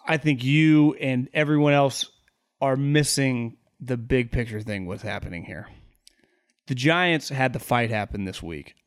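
A man co-hosting a sports podcast, telling animated, jokey stories in casual banter. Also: mid-range voice, a little slow, clear, resonant tone. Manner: animated storyteller, jokey asides. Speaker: sports talk podcast co-host.

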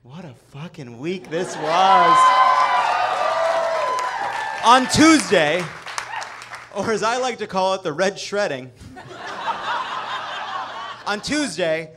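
A man's voice: fairly high pitch, noisy background. A man hosting a live comedy show on stage, delivering a sarcastic news monologue and swearing for emphasis. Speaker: host.

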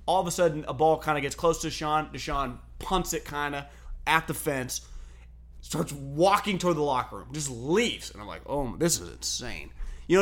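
A male sports talk host with a slightly raised voice tells stories in a loose, animated way. He swears freely and laughs as he goes. He talks casually, like he's chatting on the air. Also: on the high side. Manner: animated storytelling, profane, laughs often.

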